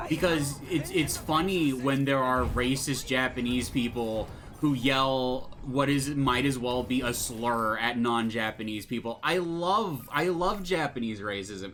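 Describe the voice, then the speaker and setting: A man's voice: mid-range voice, a bit bright, a little hiss or hum. A young man giving casual let's-play commentary, rambling, sarcastic and swearing casually.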